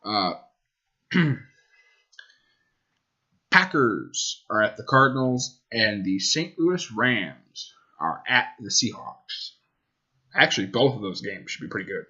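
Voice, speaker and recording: A man's voice: fairly low pitch, very animated, slow pace, long pauses, pushed and bright, highs cut off. A man hosting a casual sports podcast, rambling and correcting himself as he goes. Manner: rambling, self-correcting, talks to his dog. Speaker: podcast host.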